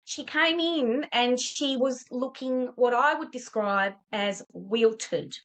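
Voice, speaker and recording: A woman's voice: fairly high pitch, takes it slowly, rough recording. A middle-aged woman, a tutor telling a story as an interview guest and acting out the voices of the people in it. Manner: animated, acts out quoted voices. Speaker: tutor and education business owner, interview guest.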